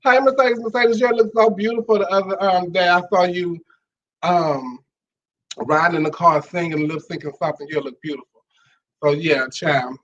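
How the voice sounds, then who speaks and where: Sassy high-voiced talk show host. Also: male voice, normal speed, highs cut off, a little hiss or hum. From Monroe, Louisiana. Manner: sassy, animated, calls viewers child and honey. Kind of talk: casual live-stream talk show.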